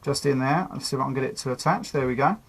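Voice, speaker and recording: A man talks his way through a hands-on toy review in an easygoing, chatty manner. His voice has a husky, slightly rough texture, and his pitch sits at an ordinary middle level. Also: racing, poor audio. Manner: chatty and easygoing, narrating while fiddling with a toy.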